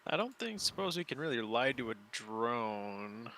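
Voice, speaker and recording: Player guy at the game table, bright voice, laughs a lot, chatty. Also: medium pitch, sing-song, moderate pace, slight background noise.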